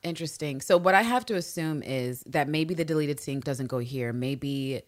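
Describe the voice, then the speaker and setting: A woman co-hosting a podcast, recapping a TV episode in casual chat, animated, acting out characters' lines and swearing freely. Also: sits low, moderate pace. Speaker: podcast co-host.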